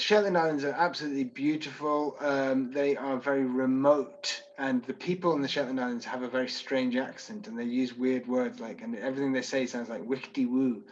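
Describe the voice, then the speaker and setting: A man's voice: medium pitch, muffled recording. A Scottish man working as a tour guide, answering viewer questions in a chatty, self-deprecating way on a video call. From Scotland.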